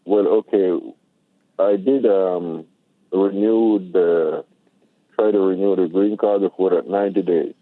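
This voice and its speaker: A middle-aged man calling in on the phone, speaking haltingly and sounding worried as he explains his situation. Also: sits low, fairly even intonation, no echo. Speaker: caller. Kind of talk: phone-in question to a lawyer. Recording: tinny dry phone line.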